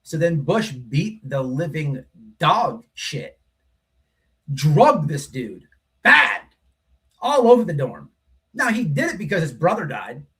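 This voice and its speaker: This man's voice is on the high side and a bit bright as he hosts a livestream. He tells a story bluntly in a rambling, casual monologue, swearing plenty, repeating himself, and often saying "right?".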